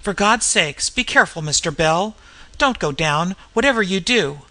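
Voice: mid-range voice, lively intonation, normal speed, bright, forceful tone. A reader voicing a frightened, superstitious male railway inspector in a storybook, gasping and pleading. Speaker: storybook character.

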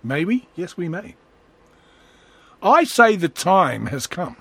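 A man's voice: sits high, very animated, takes it slowly, fairly bright tone, breathy edge, dry recording. A man talking in a rambling, sarcastic comedic monologue as a vlogger. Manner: rambling, sarcastic, slips into voices.

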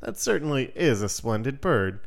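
A man voicing a young girl in a fairy tale, who speaks in a high, gushing way. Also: big pitch swings, normal speed, creaky. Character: young girl, tearful and then delighted.

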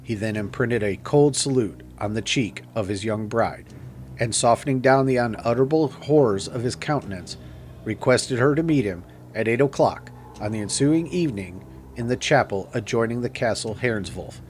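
A man narrating a gothic tale as an audiobook in a measured, grave manner. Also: mid-range voice, slight background noise.

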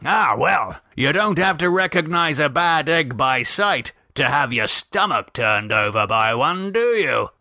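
A man voicing a fussy, chatty older English gentleman in an audiobook, with pompous, old-fashioned phrasing. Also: on the high side, lively intonation, unhurried, few pauses, no echo, clean studio sound, pitched above the performer's own voice, full character voice. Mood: genial gossip.

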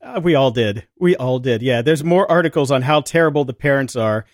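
A man co-hosting a podcast, chatting casually, expressive and quick to laugh. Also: medium pitch, no echo, studio quality. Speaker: podcast co-host.

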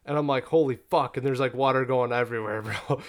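A young man recounts a mishap in loose, casual podcast chat. He swears freely and leans on "like" constantly. His pitch sits in an ordinary middle range. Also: quick pace. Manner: profane, animated storytelling with frequent "like" fillers.

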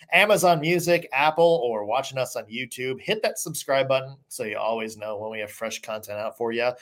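A sports podcast host talking casually, relaxed, with frequent "uh" fillers. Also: medium pitch.

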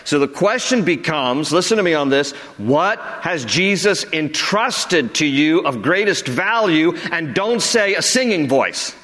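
A man preaching a sermon as pastor, earnest and conversational, dropping low for emphasis. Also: animated, measured pace, hardly any pauses, pushed and bright, big-room sound.

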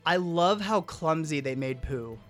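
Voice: mid-range voice, animated, unhurried, a bit bright, soft background music. Easygoing host asking about a movie. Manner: asks questions, agreeable. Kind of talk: casual movie discussion.

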